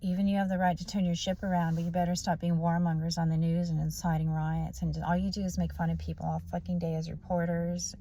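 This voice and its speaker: A woman with a low, gravelly voice rants in a monologue on her vlog. She is blunt and preachy and swears constantly. The rasp of vocal fry runs through her talk. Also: little pitch movement, fast talker, hardly any pauses, mellow. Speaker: vlogger. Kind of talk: profane ranting monologue.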